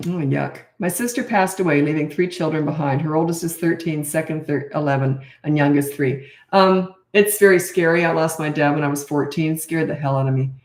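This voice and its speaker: A woman's voice: deep voice, fairly quick, few pauses, darkish tone. A middle-aged woman from Canada, a parenting coach answering viewer questions in a blunt, matter-of-fact casual chat. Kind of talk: casual livestream Q&A. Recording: echoey room.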